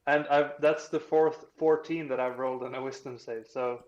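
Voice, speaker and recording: A man narrating a tabletop game as game master, unhurried, with frequent fillers and chuckles. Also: mid-range voice, steady tone, a little mellow, highs cut off, a little hiss or hum.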